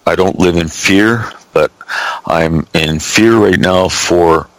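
A man's voice: low voice, takes it slowly, dry recording, poor audio. A man in his sixties hosting a casual call-in talk show, folksy and blunt, calling his guest buddy. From Canada. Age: 60s.

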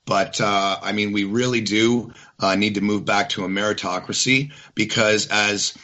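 A man speaking as a guest in a casual political talk, in a measured, somewhat hesitant way with pauses. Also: on the low side, steady tone, sharp tone, highs cut off.

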